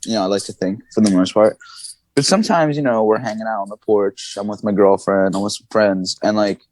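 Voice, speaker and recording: A man as a podcast guest, telling stories in casual chat, animated, laughing and swearing as he goes. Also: on the low side, fairly quick, no room sound. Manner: animated, swings his voice up and down, laughs and swears often.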